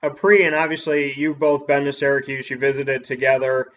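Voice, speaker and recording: A man who is a sports broadcaster, reading an upbeat ad spot and then asking quick interview questions. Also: mid-range voice, flat delivery, fairly bright tone, lo-fi sound.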